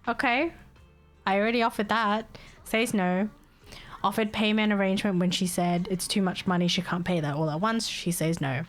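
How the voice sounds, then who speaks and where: Woman streamer venting to chat, swears a lot, laughs a bunch, mid pitch, soft music behind. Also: fairly even intonation, moderate pace. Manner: exasperated, swears freely, laughs often. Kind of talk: casual storytelling to stream chat.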